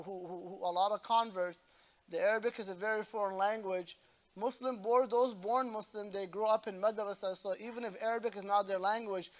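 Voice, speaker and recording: A man, an imam, teaching a religious class and patiently explaining pronunciation, often repeating phrases slowly to demonstrate them. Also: high-pitched, fairly bright tone. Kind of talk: religious lesson on recitation.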